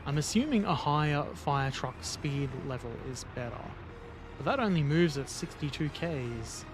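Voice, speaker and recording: A man's voice: a little high, animated, normal speed, over music. A man casually commenting while playing a video game, rambling and joking to himself as he goes. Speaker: gaming video host. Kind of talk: casual let's-play commentary.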